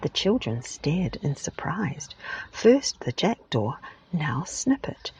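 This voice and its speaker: A woman with a British accent reading a story in a gentle, whispery ASMR style, recorded muffled and lo-fi in a parked car. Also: low-pitched, very animated, slow pace, husky. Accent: British English. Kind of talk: soft-spoken ASMR reading. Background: baby snoring.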